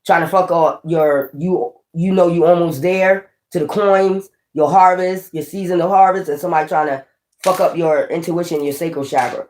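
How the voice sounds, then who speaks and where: A woman's voice: lowish voice, fairly even intonation, normal speed, a little mellow. A woman giving a casual spiritual tarot reading, blunt, profane and preachy, rambling with frequent restarts. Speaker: tarot reader.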